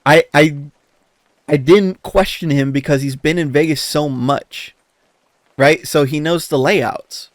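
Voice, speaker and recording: Animated swearing man telling a story. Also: fairly high pitch, slow pace, no echo, studio quality. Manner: animated, swears a lot, laughs while telling. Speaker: podcast co-host. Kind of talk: casual storytelling chat.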